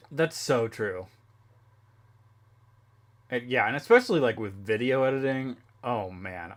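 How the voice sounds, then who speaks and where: Young guy rambling on a stream, mid-pitched voice, lots of likes and laughs. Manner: rambling, laughing, many fillers and restarts. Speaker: streamer chatting with viewers. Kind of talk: casual chat.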